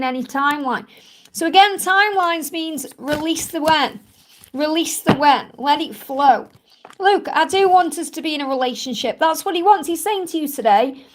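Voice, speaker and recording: A woman's voice: high-pitched, fairly bright tone. A woman doing a live card reading, answering viewers' questions in a soothing way and calling them honey. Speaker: tarot card reader.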